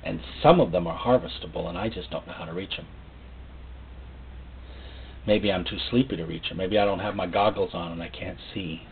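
A man preaching a sermon in a folksy, joking way, acting out little voices and rising suddenly to loud, high outbursts. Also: brisk, vocal fry, long pauses, a little hiss or hum. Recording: tinny phone-like sound.

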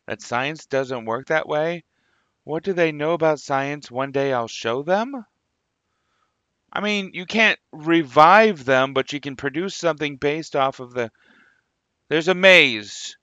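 High, bright man chatting over gameplay. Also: no echo, lo-fi sound. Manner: chatty, muses aloud, jokey asides. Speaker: gaming channel host. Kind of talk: casual gameplay commentary.

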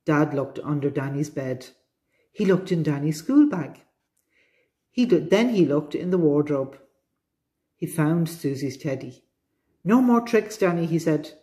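An Irish woman reads a picture book aloud to young children, her fairly low voice rising and falling in a very animated way. She is an expressive storybook reader. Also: a little slow, pauses often. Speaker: librarian reading to children.

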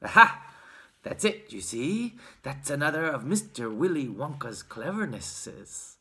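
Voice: mid-range voice, very animated, a little slow. Reader playing old grandpa, kindly, secretive, drops to a whisper, storybook. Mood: telling. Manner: hushed, conspiratorial whispers.

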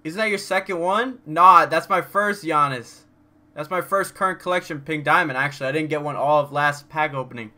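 A young man streaming a pack opening in a casual chat style, begging and groaning and then shouting at the results. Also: on the high side, fairly quick. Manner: pleading and excitable, swings from chanting to shouting to muttering.

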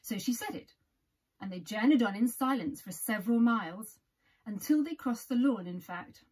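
A woman reading a children's storybook aloud in a gentle, expressive way. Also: fairly high pitch, normal speed, husky.

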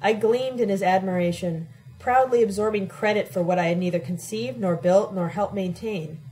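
A woman reading a first-person novel aloud in a steady, measured way. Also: mid-range voice, faint music behind, low-quality recording. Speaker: audiobook reader.

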